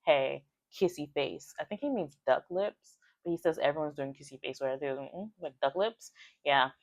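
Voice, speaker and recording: Woman, deep voice, casual book recap, filler-heavy, dry close sound. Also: animated, fairly quick, no echo. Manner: chatty, with many "like" fillers, acting out quoted lines. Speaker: book reviewer.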